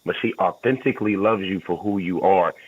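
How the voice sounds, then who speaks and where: A man's voice: sits low, brisk, breathy edge, dry recording. A man co-hosting a relationship podcast, speaking in an earnest, reflective way. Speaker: podcast co-host. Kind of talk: casual chat. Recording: dry, slightly dull audio.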